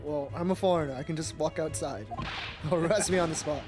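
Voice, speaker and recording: Laid-back male co-streamer, teasing, slightly high voice, game music behind. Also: fairly quick. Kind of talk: casual let's play commentary and reading narration.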